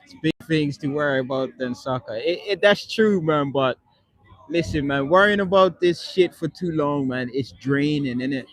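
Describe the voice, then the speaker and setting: A man's voice: a little high, moderate pace, no room sound, poor audio. A man on a live stream, reading and answering chat in a rambling, casual way, swearing often and ending most lines with "man". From not born in Britain. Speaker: livestreamer. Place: London.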